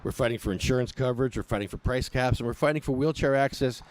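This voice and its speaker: A man's voice: mid-range voice, fast, slight background noise. A man ranting with sarcasm as a cannabis patient activist, livestreaming from an outdoor protest on his phone.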